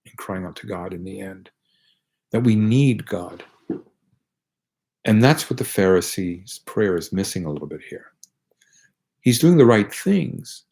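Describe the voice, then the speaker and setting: Male priest, low and husky voice, earnest conversational sermon. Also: a little mellow. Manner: earnest, conversational with frequent restarts.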